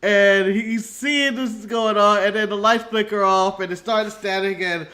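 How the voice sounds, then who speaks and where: A man from the United States co-hosting a podcast, telling stories in an animated way with frequent laughs and casual swearing. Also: high voice, moderate pace. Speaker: podcast co-host. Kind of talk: casual wrestling recap chat.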